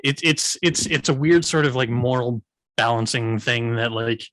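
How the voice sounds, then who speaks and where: Measured man analysing a film, dry sound. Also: medium pitch, a bit bright, dry recording. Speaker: film review show host. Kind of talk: casual film review chat.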